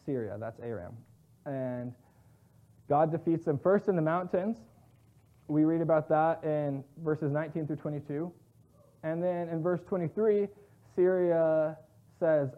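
A Bible teacher with a somewhat high voice teaches casually, reading verses and then retelling them in plain everyday slang. The sound is thin and narrow, as if coming over a phone line.

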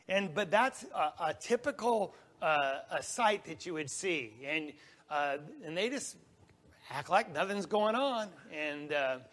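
A man's voice: a little high, fairly bright tone. Folksy man narrating a slide show. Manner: folksy, rambling, with small restarts and laughs. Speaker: mission trip speaker. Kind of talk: slide presentation talk.

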